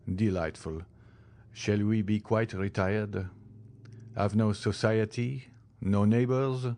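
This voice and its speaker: A man voicing an eager, earnest young nobleman in an audiobook, speaking in an earnest, warm-hearted way. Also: lowish voice, steady tone, slow. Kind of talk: audiobook character reading.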